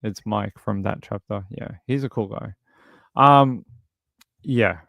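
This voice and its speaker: A man's voice: on the low side, takes it slowly, vocal fry, a bit bright, no echo. A man casually commenting on a true crime case during a livestream, reading and answering chat, rambling with lots of fillers. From outside the US. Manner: rambling, many fillers and restarts.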